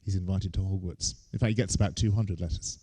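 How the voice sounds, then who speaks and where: A man's voice: deep voice, steady tone, fast, dark tone, husky. A man, giving a humorous lecture on stage with wry, joking asides. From England.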